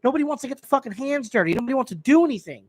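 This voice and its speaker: A man's voice: very high-pitched, animated, rapid-fire, breathy edge, no room sound. A man hosting a live stream, ranting in a heated way and swearing freely. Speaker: host.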